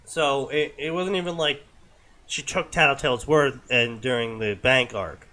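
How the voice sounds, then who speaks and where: An exasperated young man giving casual commentary on a fanfiction reading, with a bright, forward tone and an incredulous edge. He talks in quick, rambling rants. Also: medium pitch. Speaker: co-host reading fanfiction aloud.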